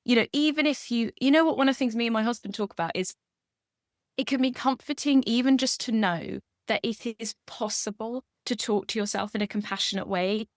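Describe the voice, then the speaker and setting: A woman guest speaking as a coach, with a soft, soothing manner and steady reassurances. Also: on the high side, brisk, dry recording, studio quality. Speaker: sober coach, podcast guest. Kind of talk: gentle coaching talk.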